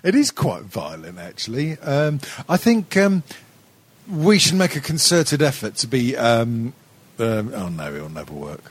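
A man's voice: mid-range voice, very animated, measured pace, husky, dry recording. A tipsy man co-hosting a podcast in casual chat, sweary and rambling with many hesitations. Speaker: podcast co-host.

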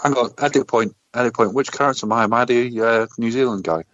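A man co-hosting a podcast, bantering and swearing in quick asides. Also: mid-range voice, a bit bright, no room sound, dull audio. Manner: quick, joking interjections with swearing. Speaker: podcast co-host.

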